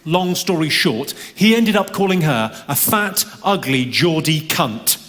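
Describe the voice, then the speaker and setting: A stand-up comedian with a high, lively voice and deadpan timing, working the crowd from a big theatre stage. His stage mic carries a long hall reverb, and loud audience noise runs under him. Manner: deadpan, quick delivery with crowd work. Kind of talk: stand-up routine.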